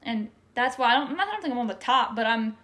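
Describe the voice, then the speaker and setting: Young woman, earnest and heartfelt, fairly high voice, casual faith chat, filler-heavy. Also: lively intonation, quick pace, a bit bright. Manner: earnest, emotional, many "like" fillers. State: tearful at times. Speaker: faith podcast co-host.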